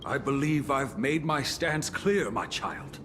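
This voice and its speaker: A slow, grave old tribal priest. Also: male voice, medium pitch, expressive, background noise. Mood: stern. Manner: grave, slow, formal speech. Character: older tribal priest, devout and stubborn.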